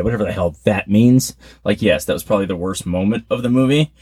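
Chatty husky-voiced man. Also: fast talker. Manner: chatty, self-mocking, animated swings in pitch. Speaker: podcast co-host. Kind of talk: casual podcast chat.

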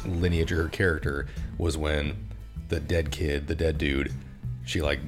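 Man, very low voice, casual movie chat, blunt and wry, faint music behind. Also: little pitch movement, unhurried.

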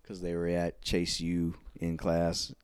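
A man's voice: deep voice, monotone, takes it slowly, smooth, no echo. A man co-hosting a podcast, recapping wrestling shows in casual chat and acting out quoted lines. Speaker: podcast co-host.

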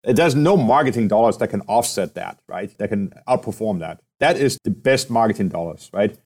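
A man's voice: fairly low pitch, animated, moderate pace, a little mellow. A man being interviewed as a company president, explaining at length and often ending his points with "right?" or "okay?". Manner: explanatory, often ends points with tag questions. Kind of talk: conversational interview.

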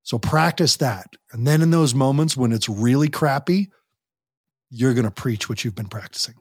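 Animated man with a husky voice. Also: mid-range voice, normal speed, no room sound, clean studio sound. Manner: animated, acts out parents and teens in quoted voices. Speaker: guest, youth program director. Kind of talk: podcast interview.

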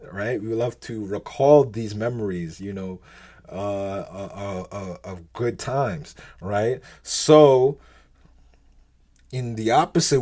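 A man's voice: medium pitch, darkish tone, breathy edge. Rambling man giving an informal faith talk. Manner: rambling, restarts often, keeps asking "right?" and "you know what I mean?"; laughs lightly between thoughts.

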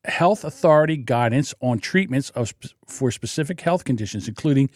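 A man's voice: medium pitch, lively intonation, brisk, a little mellow, no room sound, clean studio sound. A man hosting his own podcast, ranting in a sarcastic, indignant way and laughing often. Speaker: podcast host. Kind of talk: solo podcast livestream rant.

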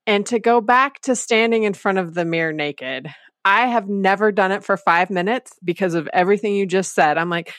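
A woman hosting a podcast, recorded dry and close with no room echo. She talks in a candid, chatty way about her own experiences. Her pitch is mid-range. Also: normal speed, fairly bright tone. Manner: candid and chatty, openly sharing personal experience. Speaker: podcast host. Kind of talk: conversational podcast interview.

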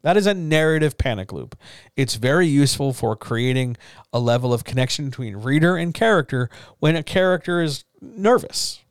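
A man coaching writers in a loose, candid chat, with middle-range pitch and a calm, reassuring way of talking. He swears casually and keeps things frank. The recording sounds close and dry, with no room around it. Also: moderate pace, smooth, no room sound. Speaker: writing coach. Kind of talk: casual writing advice talk.

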